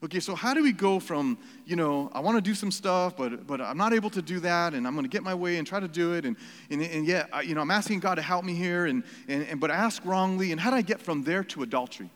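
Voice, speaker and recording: A man's voice: high-pitched, fast talker, a bit bright. A man preaching a sermon as pastor, earnest and emphatic, repeating phrases and stopping for asides. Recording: reverberant hall.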